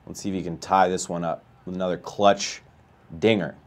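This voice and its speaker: A man playing a baseball video game live, chatting with viewers and ranting with a voice that climbs high when he gets outraged. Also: flat delivery, fairly quick. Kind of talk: live gameplay commentary and chat.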